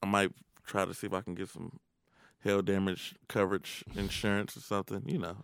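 A man's voice: deep voice, level tone, a little fast, creaky, clean tone, no room sound, studio quality. A man co-hosting a podcast in casual, profane chat, joking animatedly and often mimicking the people he talks about. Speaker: podcast co-host.

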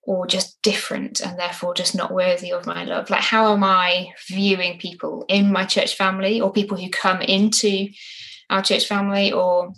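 Woman, lowish voice, earnest, reflective, casual Bible study talk, tag questions. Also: little pitch movement, moderate pace, a bit bright, rough recording. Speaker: co-host discussing a Bible passage.

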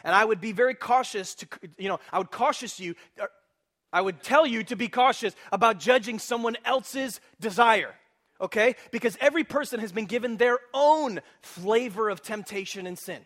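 Delivering a sermon at normal speed, a high-voiced pastor keeps things lively and funny, regularly asking his congregation questions.

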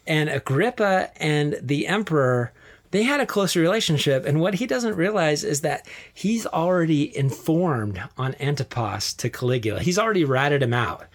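Animated man telling Bible history. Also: on the high side, normal speed. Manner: animated storyteller, laughs often, acts out quotes. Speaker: podcast host. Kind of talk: casual chat retelling Bible history.

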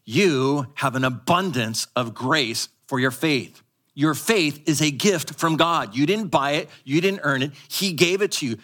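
A man's voice: on the high side, a bit bright. Emphatic male pastor preaching live. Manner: emphatic, teaching, has the audience repeat words; shifts between quick asides and slow stressed phrases. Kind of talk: live sermon to a congregation. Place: church service.

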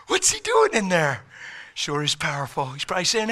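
A man preaching an impassioned sermon, swinging between loud bursts and breathy whispers. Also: sits high, huge pitch swings, a little slow.

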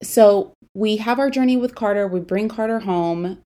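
A young woman in her twenties hosting a podcast, telling a personal story in a candid, conversational way that turns quiet and somber. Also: medium pitch, moderate pace. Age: 20s. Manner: candid, conversational, grows quiet and somber when recalling loss. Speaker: podcast host.

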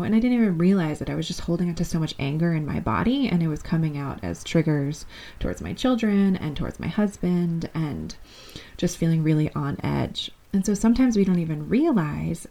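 Candid woman with a gravelly, dark voice. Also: lowish voice. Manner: candid, affectionate, talks straight to listeners. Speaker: podcast host. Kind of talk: solo podcast monologue.

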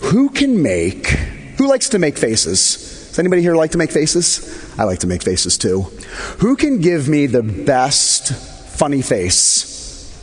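Pastor with a husky voice, echoing church. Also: male voice, on the high side, wildly swooping pitch, a little slow. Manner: gentle, playful, coaxing children. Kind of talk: children's sermon. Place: church sanctuary.

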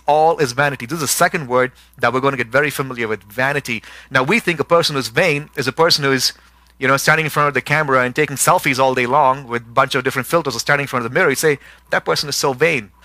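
A man's voice: mid-range voice, sharp tone, dry recording. A middle-aged man preaching a sermon as pastor, repeating words for emphasis and building to emphatic intensity.

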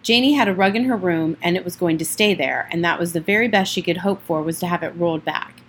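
A woman reading a children's novel aloud in a plain, steady way, with the odd slip and restart. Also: fairly low pitch, quick pace, husky. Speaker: audiobook reader.

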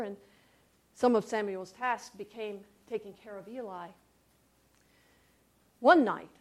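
A woman storyteller telling a tale for all ages, expressive and shifting from loud to hushed with dramatic pauses. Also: medium pitch.

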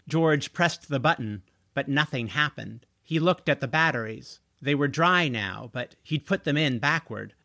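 Male audiobook narrator, animated and bright, dry close sound. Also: medium pitch, a little slow, creaky, dry recording. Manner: expressive, animated reading. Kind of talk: scripted story narration.

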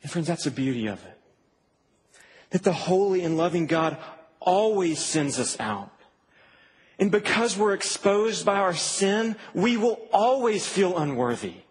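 A man preaching a sermon to a campus ministry, earnest and emphatic, dropping soft and then rising to stress. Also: high-pitched, very animated, unhurried, slightly rough, rough recording.

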